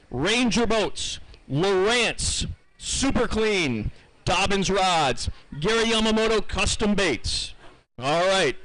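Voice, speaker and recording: Reading out each catch's weight twice, a man runs a live fishing tournament weigh-in outdoors in an upbeat, chatty manner. His voice is high and fairly bright, captured in low-quality audio.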